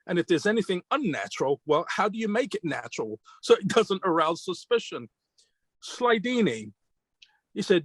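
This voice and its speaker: British male magician, interview storyteller, voice on the high side, dry close recording. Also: sing-song, moderate pace, no room sound. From Britain. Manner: retells mentors' advice as quoted dialogue, with questions and answers; earnest, reflective. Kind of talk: conversational storytelling.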